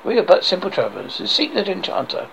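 Man voicing an earnest questing king, urgent, pleading, lively pitch, faint hiss. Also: quick pace, vocal fry, heavily acted, rough recording.

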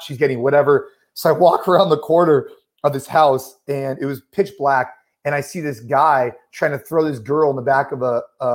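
Brief: thirties man, slightly high voice, rambling podcast storyteller, full of "like" and "you know". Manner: animated storyteller, many fillers like "like" and "you know". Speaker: podcast co-host.

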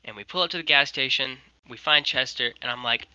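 A man's voice: medium pitch, brisk, smooth, no room sound, poor audio. A young man, a guest on a video call, telling a long rambling story and acting out what people said. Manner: rambling, animated, quotes people. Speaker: guest, merch designer. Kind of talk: casual storytelling.

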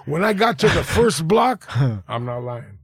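A man's voice: fairly high pitch, big pitch swings, measured pace, breathy edge, no echo. A man hosting a podcast, telling a story in a loose, profane, slangy casual chat in a studio.

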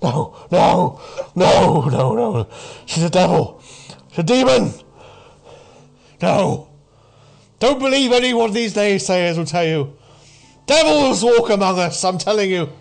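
A man voicing a haggard, prematurely aged doomsayer who rants and shouts warnings about devils. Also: extremely high pitch, lively intonation, slow, pitched above the performer's own voice, full character voice. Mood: distressed.

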